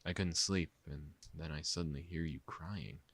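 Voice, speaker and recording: A man's voice: rumbling low, normal speed, fairly bright tone, dry recording, exaggerated voice. A man voicing a possessive, angry young cat boy in a visual novel, speaking in a cold, demanding way. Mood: soft.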